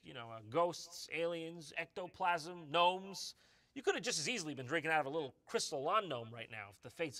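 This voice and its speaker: A man hosting a reaction commentary, mocking a clip with sarcastic jokes and loud outbursts. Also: fairly high pitch. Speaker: host.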